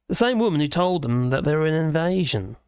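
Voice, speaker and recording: Man, casual live-stream host, rambling and chatty, slightly high voice, dry close sound. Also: darkish tone, smooth, no room sound. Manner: chatty, rambling, reacts to chat comments with chuckles. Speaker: livestream host.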